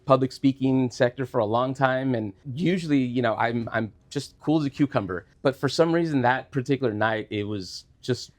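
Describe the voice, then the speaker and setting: A man being interviewed, telling a personal story in an earnest, halting way with many restarts. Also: mid-range voice. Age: adult, former student. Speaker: interview guest.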